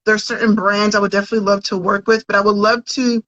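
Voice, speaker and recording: Bright-voiced woman podcast guest. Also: medium pitch, flat delivery, fast talker, dry recording. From United States. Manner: earnest, conversational, with false starts. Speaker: podcast guest, content creator. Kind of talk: casual interview chat. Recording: dull, dry audio.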